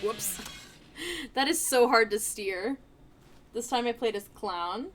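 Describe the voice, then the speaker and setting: Over some background noise, a woman with a fairly high voice slowly commentates her gameplay on stream. She's playful and excitable, laughing frequently and mocking her opponents.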